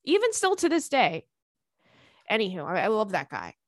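A young woman hosting a podcast in casual chat, animated and profane, laughing often between thoughts. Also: medium pitch, normal speed, dry recording, studio quality. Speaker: podcast host.

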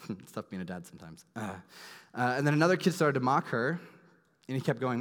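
A man in his thirties, a pastor preaching a sermon, earnest and emphatic, dropping to soft low tones at tender moments. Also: animated, a little fast, pauses often. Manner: earnest, emphatic storytelling with sudden soft drops. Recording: long hall reverb.

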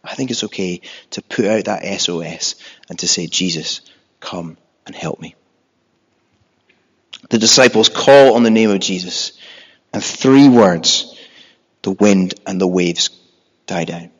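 A man preaching with a lowish voice, earnest and conversational, who now and then acts out frightened cries from the story. The sound rings in a long hall echo. The recording is dull and lo-fi. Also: a little slow, slightly rough. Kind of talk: sermon.

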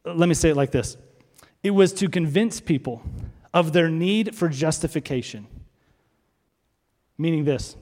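A man preaching from the pulpit of a church sanctuary, his voice a touch higher than most men's. He leans on rhetorical questions and says key phrases twice for weight. The sound trails off in a long hall reverb. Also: a little slow, pauses often, darkish tone. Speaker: pastor. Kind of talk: sermon.

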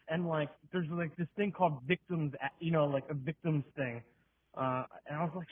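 Man, slightly high voice, rambling and swearing, tinny phone line. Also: fairly even intonation, normal speed, slightly rough. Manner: rambling, profane, filler-heavy. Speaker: caller leaving a voicemail.

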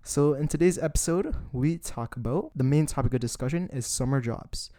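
A man's voice: mid-range voice, normal speed, mellow, no echo, studio quality. A young man co-hosting a student podcast in casual chat, talkative and leaning on filler words, in a student residence room. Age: young adult. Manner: chatty, leans on filler "like".

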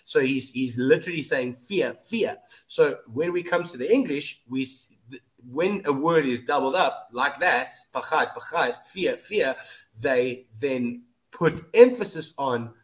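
Male podcast host, mid-pitched, earnest and casual, stumbles and repeats words as he works out Bible points. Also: a little slow. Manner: earnest, repeats words while gathering thoughts.

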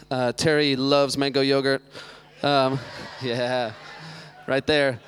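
A man's voice: mid-range voice, flat delivery, slow pace, fairly bright tone, smooth. A man in his thirties giving a casual, chatty sermon with lots of joking asides, speaking as a church youth pastor. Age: 30s.

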